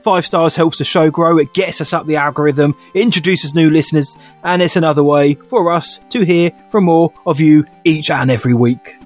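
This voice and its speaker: A man's voice: a little high, moderate pace, hardly any pauses, soft background music. Playful man hosting a podcast quiz. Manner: playful, teasing, laughs often. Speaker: podcast co-host. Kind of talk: casual podcast chat, quiz host.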